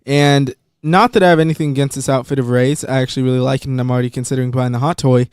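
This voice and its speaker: Medium-pitched and steady in tone, this man races along in a darkish, clear, resonant voice. He hosts a podcast, chatting casually and hesitantly with frequent ums, captured in a clean studio with no room sound.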